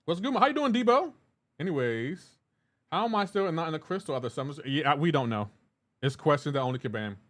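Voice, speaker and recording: A man's voice: a little high, lively intonation, a little fast, a bit bright. A man streaming a game live, chatting casually, reading and answering chat aloud in a joking, teasing way.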